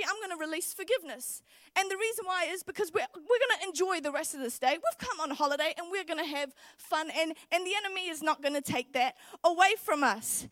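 A young woman preaching in church, telling a personal story in an animated, chatty way before praying and turning to scripture. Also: very high-pitched, dry recording. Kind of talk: storytelling sermon.

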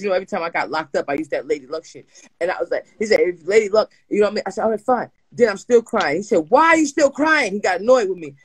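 Husky-voiced animated woman storyteller. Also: lowish voice, low-quality recording. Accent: New Jersey. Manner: animated, acts out voices, laughs often. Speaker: co-host. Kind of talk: storytelling chat, comic crime anecdote.

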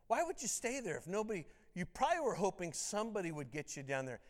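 High-voiced male pastor in a reverberant hall. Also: big pitch swings, fast talker. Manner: conversational preaching with rhetorical questions. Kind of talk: sermon. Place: church sanctuary.

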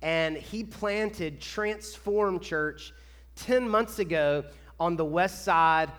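A man from Kentucky, a pastor chatting excitedly with his church before the sermon. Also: sits high, takes it slowly. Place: church sanctuary. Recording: echoey church hall.

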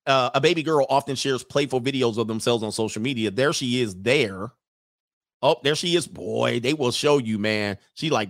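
Male host, casual reaction commentary, jokey and animated, dry close sound. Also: mid-range voice, normal speed, dry recording. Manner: joking, animated, laughs often.

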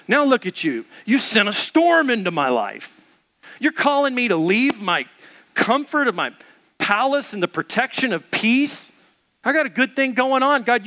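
A man's voice: extremely high pitch, bright, forceful tone, voice pushed up, full character voice. A male preacher voicing a frustrated, reluctant prophet who complains and scoffs. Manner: complaining, scornful.

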